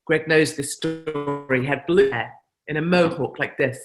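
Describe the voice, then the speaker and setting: A woman's voice: deep voice, moderate pace, music in the background. British woman, convention speaker, emphatic storytelling style to a live crowd. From Britain. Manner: chatty anecdotal storytelling, emphatic. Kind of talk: speech to a live audience.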